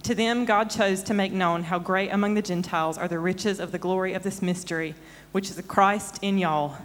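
A woman's voice: mid-range voice, steady tone, normal speed, in a large hall. Southern American woman reading scripture. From Southern United States. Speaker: congregation member reading scripture. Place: church.

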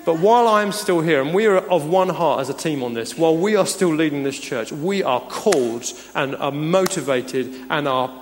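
A man's voice: on the high side, normal speed, hardly any pauses, a little hiss or hum. A man preaching a sermon as pastor, earnest and emphatic, chuckling now and then between points. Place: church hall. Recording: long reverb of a church hall.

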